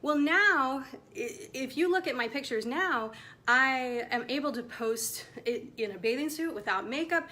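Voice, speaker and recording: A woman's voice: sits high, lively intonation, unhurried, bright, forceful tone. A woman in her forties, a women's coach, talking passionately and emphatically to camera about self-care. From United States. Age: 40s. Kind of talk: direct-to-camera motivational talk.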